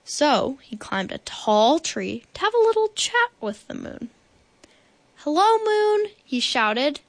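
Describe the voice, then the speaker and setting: A woman reading a children's picture book aloud in slow, deliberate storytelling. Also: fairly high pitch, sing-song, dry recording. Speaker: guest reader.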